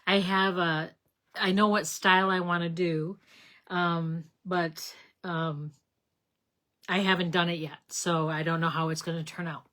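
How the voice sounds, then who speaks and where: A woman's voice: on the low side, little pitch movement, measured pace, a bit bright. A middle-aged woman hosting a live card-making stream, talking casually and rambling a little as she greets viewers by name. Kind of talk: casual live craft demonstration.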